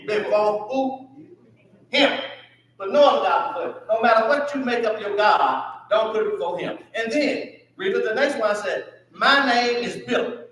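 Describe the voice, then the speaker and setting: A Southern man leads a church Bible lesson, calling questions out to the class and answering them. His voice sits high and bright. He is heard from a distance in a very echoey church room. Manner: call-and-response questioning. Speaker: Sunday school teacher. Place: church hall.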